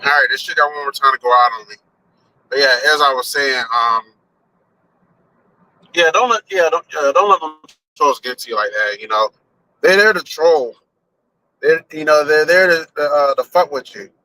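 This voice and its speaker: A man's voice: fairly high pitch, moderate pace, long pauses, sharp tone, rough recording. A man chatting loosely on a live stream while driving, rambling and swearing casually as he thinks aloud. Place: in a car on a highway.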